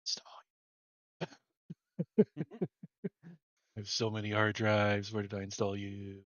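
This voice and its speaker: A man's voice: fairly low pitch, animated, slow pace, fairly bright tone, no echo, highs cut off. A man streaming a game, chatting casually and thinking aloud as he hunts through his files. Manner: distracted, thinking aloud while hunting for files. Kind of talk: casual gameplay chat.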